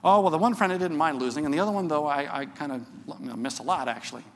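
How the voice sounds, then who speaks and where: A man quoting his teenage daughter in his sermon, voicing her halting, candid replies. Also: fairly high pitch, in a large hall, slight background noise, lightly acted. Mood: hesitant. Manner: hesitant, halting.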